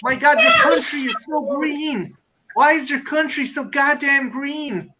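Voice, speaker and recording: A man's voice: very high voice, animated, brisk, bright, forceful tone, dull audio, a little hiss or hum, exaggerated voice. A man doing a brash, griping American tourist. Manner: swearing, exaggerated complaining.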